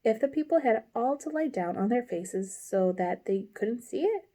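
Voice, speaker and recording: A woman's voice: fairly high pitch, animated, moderate pace, dark tone. A woman voicing a polite but bold young girl in a storybook reading.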